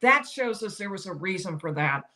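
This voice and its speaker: A woman, older, giving solo legal commentary, explaining each side's arguments and quoting lawyers with animated emphasis. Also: medium pitch, normal speed.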